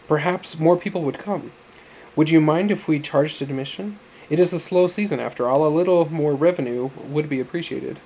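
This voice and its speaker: A man voicing an eager, obsequious male hotel manager in an audiobook story, smooth and accommodating. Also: fairly high pitch, a little mellow, slight background noise, close to an everyday voice.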